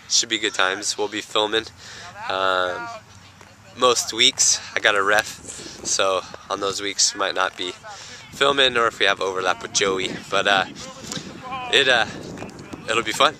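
A man's voice: low voice, measured pace, long pauses. Man rambling casually on a noisy field. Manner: relaxed, rambling with fillers. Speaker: father filming a family vlog. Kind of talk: casual chat. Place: outdoors by a soccer field.

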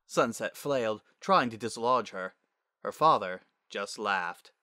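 Low, bright-toned male storyteller. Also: no echo, studio quality. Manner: expressive, measured storytelling. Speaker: narrator. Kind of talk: dramatic audiobook reading.

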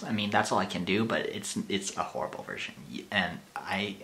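A man's voice: sits low, a little fast, few pauses, a bit bright. A man hosting his own channel, talking casually and nervously with lots of hesitations. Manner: nervous, hesitant, many fillers and self-deprecating laughs. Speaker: channel host. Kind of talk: casual vlog talk.

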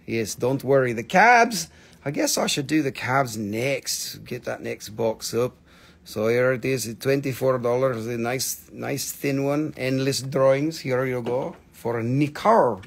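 A man hosting a live stream selling crystals, with a playful, jokey, rambling way of talking and drawn-out excited exclamations. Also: medium pitch, gravelly, breathy edge. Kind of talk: casual live sales stream.

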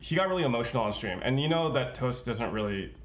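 A man's voice: mid-range voice, expressive, fast. A man talking earnestly on a livestream, rambling with lots of fillers. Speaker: streamer. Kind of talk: casual stream chat.

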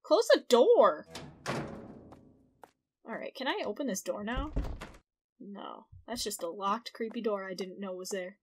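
A woman's voice: medium pitch, normal speed, slight background noise. A woman casually narrating her own gameplay, reacting aloud and swearing. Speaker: gaming streamer. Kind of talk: let's play commentary.

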